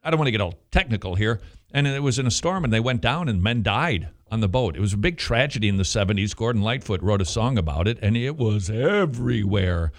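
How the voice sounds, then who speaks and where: A man's voice: fairly low pitch, brisk. A man hosting a Christian radio talk show, chatting casually and drifting into passionate preaching. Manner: animated, teasing, slips into sermon cadence.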